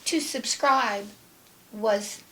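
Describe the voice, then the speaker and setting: A woman co-hosting a tarot reading show, chatting casually and then leading a slow, meditative gratitude prayer. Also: a little high, sharp tone. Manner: slow, meditative, trails off and restarts. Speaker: tarot reader co-host. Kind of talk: casual chat and guided prayer.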